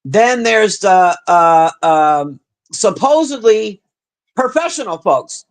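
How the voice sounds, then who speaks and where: A man's voice: high-pitched, expressive, slow. A man livestreaming, chatting casually and crudely with his viewers in a rambling way. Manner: profane, chatty, talks to the chat. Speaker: livestream host.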